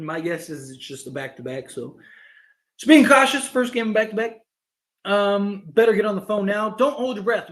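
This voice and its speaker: A man hosting a casual livestream, ranting with lots of filler words and quick asides. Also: high-pitched. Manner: animated, filler-heavy, rapid asides. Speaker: sports fan livestream host. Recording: echoey room sound.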